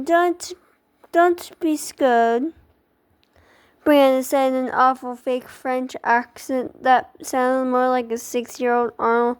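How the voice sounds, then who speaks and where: A woman reading a children's book aloud in an expressive, dramatic way, with small stumbles. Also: high-pitched, smooth.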